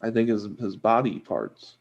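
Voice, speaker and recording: A man's voice: fairly low pitch, lively intonation, normal speed, gravelly, highs cut off. A man co-hosts a loose comedy podcast. He reads passages aloud and drops in brief, plain replies. His lines are short. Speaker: podcast co-host. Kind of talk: casual comedy podcast chat.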